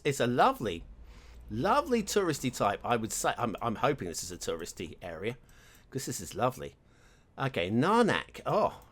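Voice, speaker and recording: Chatty, animated man narrating gameplay. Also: mid-range voice. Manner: chatty, thinks aloud, animated. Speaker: gaming channel host. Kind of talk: casual gameplay commentary.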